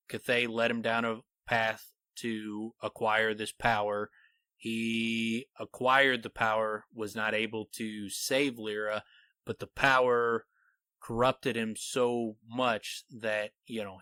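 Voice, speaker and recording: A man's voice: medium pitch, no room sound. A man co-hosting a podcast, eagerly explaining a fantasy book theory in casual chat and reading passages aloud. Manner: animated, explains theories, reads quotes aloud. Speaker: podcast co-host.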